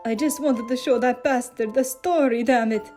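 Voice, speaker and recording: A woman voicing a hot-tempered, foul-mouthed teenage boy in a story reading, snapping and yelling. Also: on the high side, normal speed, faint music behind, natural voice. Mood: angry.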